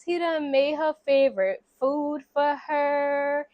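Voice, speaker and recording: High-voiced woman recapping a story. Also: takes it slowly, no echo. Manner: animated, slangy, acts out characters' lines. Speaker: vlogger recapping a movie.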